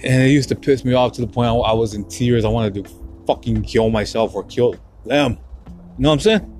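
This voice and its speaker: A young podcast host, mid-range and darkish with fairly even intonation, talks a little fast over faint music. His solo monologue about painful memories is full of hard swearing, repetition, and stumbling as he grows emotional and almost cries.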